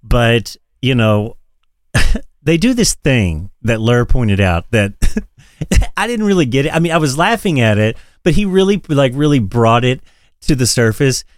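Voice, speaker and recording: A man's voice: medium pitch, unhurried, dry recording, clean studio sound. A man co-hosting a podcast in casual chat, talking from his office with frequent swearing and laughter. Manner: animated, profane, laughs often. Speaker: podcast co-host.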